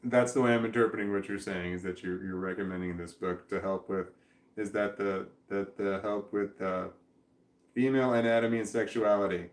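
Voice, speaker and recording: A man casually reading viewer comments aloud on a stream at home, halting, repeating words and stumbling over names as he goes. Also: on the low side, fairly even intonation, roomy sound. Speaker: vlogger reading chat comments. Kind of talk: casual livestream chat. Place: indoors at home with his dog. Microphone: webcam.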